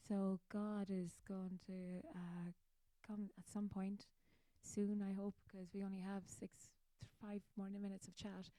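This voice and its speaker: An Irish woman hosting her own show in a loose, chatty ramble, poking fun at herself as she goes. Her voice is mellow and warm, recorded dry and close. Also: mid-range voice, little pitch movement, takes it slowly, no room sound. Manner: rambling, chatty, self-mocking. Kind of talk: casual chat.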